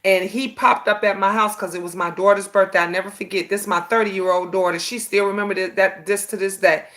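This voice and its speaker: Speaking a little fast at medium pitch, this fifties-aged host keeps her live-stream chat lively with animated stories. She's sassy and says "honey" often.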